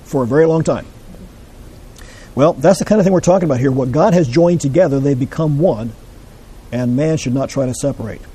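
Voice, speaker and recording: A man teaching a Bible class, explaining scripture in a measured way and putting questions to his listeners. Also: mid-range voice, warm tone, slight background noise, poor audio.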